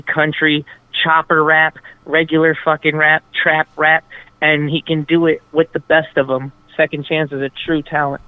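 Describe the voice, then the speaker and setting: A man's voice: on the high side, no room sound. Male rapper on a dry phone line. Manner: enthusiastic, swears casually. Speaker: rapper being interviewed. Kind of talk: casual radio interview.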